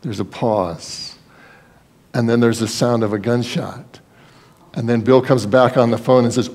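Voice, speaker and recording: A pastor preaching a sermon, his voice sitting at a middle pitch for a man. He talks earnestly and conversationally, leaning on folksy asides as he goes. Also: fairly even intonation, measured pace, pauses often, darkish tone.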